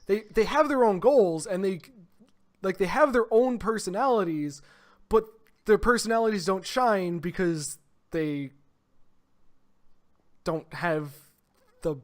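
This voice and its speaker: A young man co-hosting a casual anime review podcast, rambling and excitable, often trailing off mid-thought. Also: sits high, takes it slowly, pauses often. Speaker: podcast co-host. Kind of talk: casual chat. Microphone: desk microphone.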